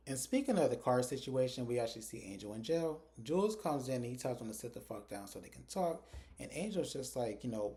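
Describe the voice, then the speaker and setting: Recording on his phone camera, a TV episode reviewer with a warm, medium-pitched voice gives a casual recap. As he retells scenes, he performs the characters' lines in short, quick quotes.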